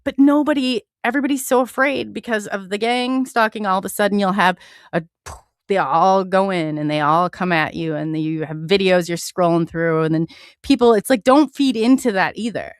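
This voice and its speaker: A woman's voice: mid-range voice, normal speed, clear, resonant tone, no echo, clean studio sound. A woman hosting a live online radio show, talking in an impassioned, earnest way with many restarts.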